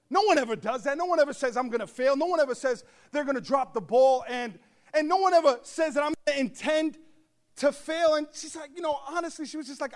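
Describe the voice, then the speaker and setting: A man pastor delivering a humorous storytelling sermon to his congregation, animated with joking asides and bursts of shouting. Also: very high voice, fast talker. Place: church service before a congregation.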